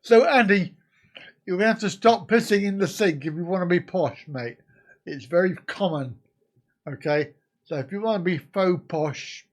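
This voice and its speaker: A man in his fifties from the UK, hosting a casual live stream and bantering crudely with his viewers. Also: high-pitched. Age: 50s.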